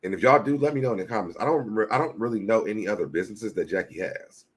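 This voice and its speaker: This commentary channel host speaks in a fairly low, racing voice with a breathy edge. He chats casually with viewers, calling them y'all, and reads social media posts aloud.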